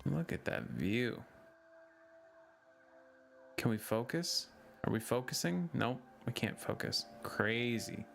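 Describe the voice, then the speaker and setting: A young man chats through his gameplay in a relaxed, unhurried way, his pitch swinging widely as he jokes and laughs at himself. Game music plays underneath his voice. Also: gravelly. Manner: joking, giggly, self-mocking. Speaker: gaming streamer. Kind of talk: casual gameplay commentary.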